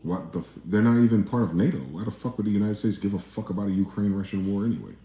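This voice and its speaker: A man's voice: fairly low pitch, very fast, warm tone, reverberant. A man from New Jersey hosting a livestream, rambling, profane and ranting as he reads out chat comments. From East Orange, New Jersey. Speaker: livestream host.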